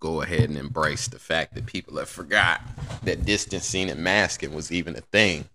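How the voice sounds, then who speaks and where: A man's voice: extremely low pitch, normal speed, pushed and bright, no echo. A man in a casual, joking solo monologue who laughs at his own jokes and acts out other people's lines.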